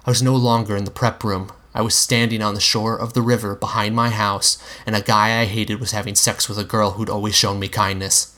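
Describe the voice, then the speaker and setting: A man giving a measured, grave first-person story reading. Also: fairly low pitch, flat delivery, sharp tone. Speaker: story reader.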